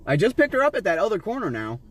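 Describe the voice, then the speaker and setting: A man's voice: sits high, huge pitch swings, very fast, slight background noise. A man from Las Vegas rambles to a stranger from inside his car, swearing and padding his story with fillers and restarts while his camera records. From Las Vegas, USA. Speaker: vlogger filming a street encounter. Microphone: handheld camera inside the car.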